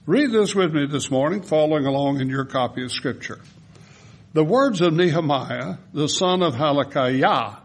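Man, Southern accent, pastor, sermon, scripture reading with explanations, breathy voice. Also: a little high, expressive, normal speed. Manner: explains word meanings between verses, reads prayers with rising intensity.

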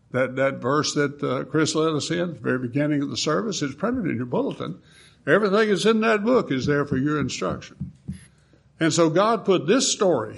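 A man's voice: fairly high pitch, gravelly, husky. An older man preaching a sermon, asking the congregation questions in a folksy way. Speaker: pastor.

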